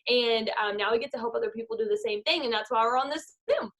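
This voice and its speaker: A woman's voice: fairly high pitch, fast talker, fairly bright tone. A woman, a network marketing leader giving an upbeat motivational talk over a video call. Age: 20s. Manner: upbeat, guides a visualization.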